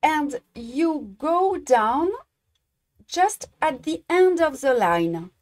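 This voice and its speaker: A native French speaker from France, with a French accent, teaches embroidery in a live-streamed tutorial, often halting to search for English words. Her voice sits high and swings widely in pitch.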